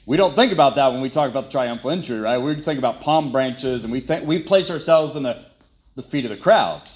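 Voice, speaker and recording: A man's voice: medium pitch, animated, brisk, muffled recording. A man preaching a sermon, emphatic and repetitive, who poses rhetorical questions and then answers them. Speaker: pastor.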